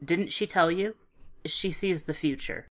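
A woman voicing a wry, chatty friend in an audiobook, with a low voice. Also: measured pace.

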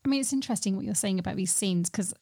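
A woman's voice: medium pitch, very fast, creaky, darkish tone, no room sound, clean studio sound. A woman hosting a podcast, asking questions in a hesitant, casual way full of ums and you-knows. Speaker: podcast host.

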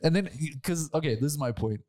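A man's voice: on the high side, expressive, a little fast, a little mellow. Giggly rambling man on a podcast. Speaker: podcast co-host. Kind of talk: casual comedy banter.

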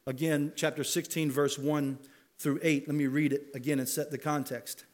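A man's voice: a little high, flat delivery, moderate pace, a little mellow. A man preaching a sermon as pastor, talking conversationally and building to emphatic rhetorical questions. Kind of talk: expository sermon.

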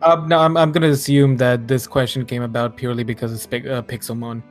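A man's voice: medium pitch, flat delivery, fast talker, soft background music. A man co-hosting a podcast, mostly giving laid-back, brief replies in casual chat. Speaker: podcast co-host.

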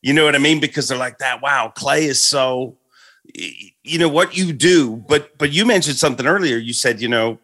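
A man's voice: mid-range voice, moderate pace, bright, forceful tone. A man interviewing a guest in a casual, admiring, conversational way. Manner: admiring, conversational, asks "you know what I mean?".

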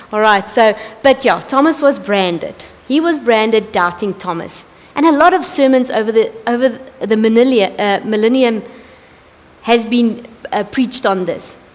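A woman gives a conversational sermon, candid and full of asides, with a voice pitched a little high. Her words ring out with the long tail of a large hall. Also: expressive, measured pace. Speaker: preacher. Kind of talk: evening sermon.

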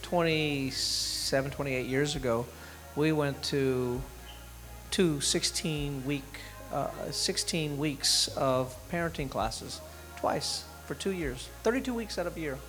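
A middle-aged male minister speaks at a dinner gathering in a fairly high voice, rambling and conversational and often restarting his sentences. He gets emotional as he moves between an informal sermon and a prayer. Soft music plays faintly behind him. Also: slow. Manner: emotional, tearing up. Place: dinner event room.

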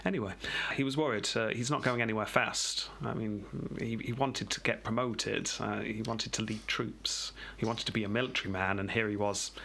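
An English man hosting a podcast, telling a history story in a joking, rambling way with a husky voice. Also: fairly low pitch, fairly even intonation, moderate pace, bright, forceful tone. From England. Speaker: podcast host. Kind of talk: casual history chat.

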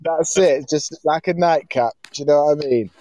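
A man's voice: on the high side, moderate pace, dark tone, lo-fi sound. A man co-hosting a podcast in casual chat, teasing with dry humor. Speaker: podcast co-host.

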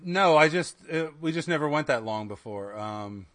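A man's voice: a little high, animated, moderate pace, fairly bright tone, no echo, studio quality. A man co-hosting a podcast in casual chat, blunt and joking, with some swearing. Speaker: podcast co-host.

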